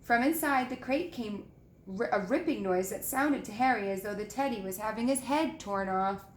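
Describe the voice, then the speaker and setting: A woman reading a children's book aloud with gentle, expressive storytelling and showing the pictures. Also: fairly high pitch, normal speed, slight background noise. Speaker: reader. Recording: echoey room with faint ambience.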